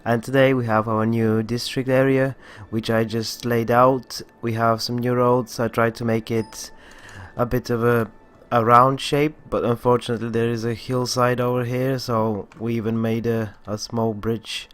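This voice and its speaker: A man with a groggy morning voice giving casual commentary as he plays a city-building game, talking at an unhurried pace and often restarting his sentences. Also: mid-range voice, flat delivery, clean tone. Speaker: gaming channel host.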